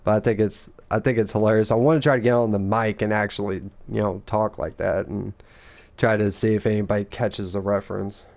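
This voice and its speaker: A man's voice: fairly low pitch, fairly even intonation, brisk, vocal fry, a little mellow. A man and father, co-hosting a casual gaming chat, rambling and profane, acting out the lines people said. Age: adult father. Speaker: gaming podcast co-host.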